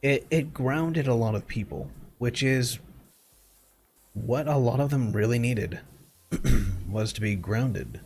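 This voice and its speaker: A man's voice: mid-range voice, slow, darkish tone, slight background noise. A young adult man streaming from home, chatting casually and bluntly while gaming, swearing freely and rambling through his complaints.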